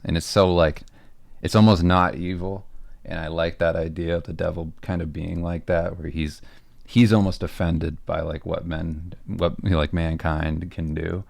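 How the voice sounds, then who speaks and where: On a livestream, a comic artist who co-hosts a podcast answers viewer questions about his art in a relaxed, rambling way, full of fillers and restarts. His very low, gravelly voice barely shifts in pitch and sounds close and dry, at a moderate pace in a dry recording.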